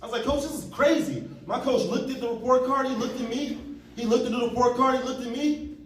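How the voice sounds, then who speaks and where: A man, giving an animated motivational talk on stage and acting out the people in his stories. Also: very high voice, quick pace. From Chicago, USA. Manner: animated storytelling, acting out quotes. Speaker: community organizer and speaker. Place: large hall on stage. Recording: echoey hall, from far off, faint noise.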